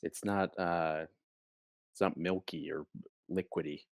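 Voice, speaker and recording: Low-voiced man telling rambling stories. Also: fairly even intonation, unhurried, vocal fry, no echo. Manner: rambling, playful storyteller. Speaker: podcast co-host. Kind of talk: casual comedic chat.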